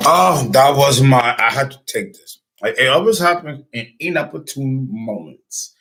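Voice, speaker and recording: A man's voice: medium pitch, lively intonation, a little slow, pushed and bright, rough recording. A man talking as an astrologer, rambling through a casual lecture with many fillers and restarts. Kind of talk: casual lecture and phone call.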